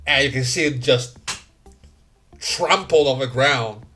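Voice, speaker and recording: Slow-talking man game master. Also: medium pitch, bright, forceful tone, soft background music. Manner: unhurried, filler-heavy narration. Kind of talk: narrating a tabletop game.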